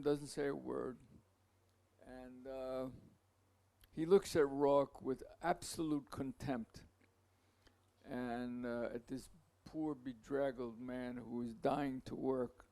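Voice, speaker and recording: A man giving a masterclass, telling a long anecdote in a rambling, halting way, with asides to the audience. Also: mid-range voice, creaky, a little mellow. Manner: halting, many restarts and fillers. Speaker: masterclass speaker.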